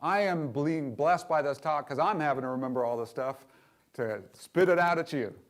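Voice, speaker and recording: A middle-aged minister delivers a frank, conversational sermon, frequently questioning his congregation and dropping to a soft hush in tender passages. His voice is slightly high and moves at a normal pace.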